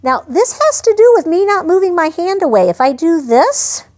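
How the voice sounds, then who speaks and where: A woman's voice: extremely high pitch, very animated, normal speed, a little mellow. A woman training a service dog in a hands-on demonstration, explaining each step in a chatty, practical way and breaking off to give the dog short commands. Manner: talks to veterans directly.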